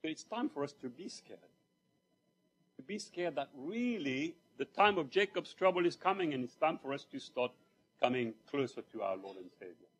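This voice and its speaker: Husky-voiced man preaching. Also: fairly high pitch, a little fast. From Mauritius. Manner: conversational, animated storytelling with asides to the congregation. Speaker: lay preacher. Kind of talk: sermon. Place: church.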